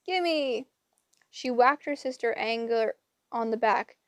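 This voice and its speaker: A woman reading an audiobook with lively, dramatic storytelling. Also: on the high side, a little slow, dry recording. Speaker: audiobook reader. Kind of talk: expressive audiobook narration.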